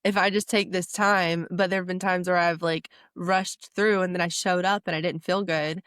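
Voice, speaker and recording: A woman's voice: fairly low pitch, steady tone, normal speed, fairly bright tone, smooth, no echo, clean studio sound. A woman co-hosting a podcast in casual, enthusiastic chat, with lots of filler words. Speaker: podcast co-host.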